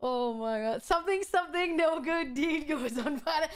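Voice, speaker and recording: A woman's voice: sits high, takes it slowly, long pauses. A woman streaming a video game, chatting casually with her viewers, playful and teasing, swearing often. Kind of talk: casual gameplay stream chat. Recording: game music behind.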